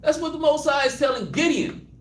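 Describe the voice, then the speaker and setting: A man's voice: very high-pitched, lively intonation, brisk. A man with a Southern US accent leading an interactive Bible study, acting out prayers and laughing often. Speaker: Bible teacher. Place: room with a live group. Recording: roomy, mic at a distance.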